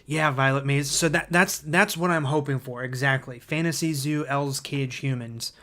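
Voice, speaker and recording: A man hosting a livestream who reads viewer comments aloud and thinks out loud, hesitant and full of fillers, easily excited by ideas. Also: medium pitch, normal speed. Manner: enthusiastic about ideas. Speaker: livestream host.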